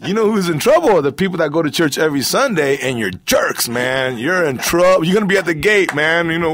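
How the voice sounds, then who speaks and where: A male comedian, a guest in a casual interview, telling stories in an animated way and scattering "man" and "bro" through his talk. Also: a little high, fairly quick, hardly any pauses. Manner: animated storyteller who keeps saying "man" and "bro".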